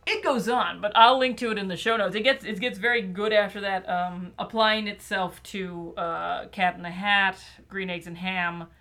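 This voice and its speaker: A bright-voiced woman hosting a casual podcast chat, playful and full of fillers. Her pitch sits in an ordinary middle range. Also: fairly even intonation, moderate pace, few pauses. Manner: chatty and playful, with many fillers. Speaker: podcast host. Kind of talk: casual chat about children's books.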